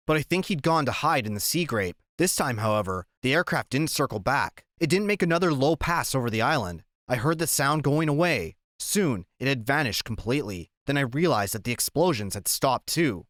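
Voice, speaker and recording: Lively male audiobook narrator. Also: medium pitch, dry recording, studio quality. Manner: expressive reading, acting out shouted lines.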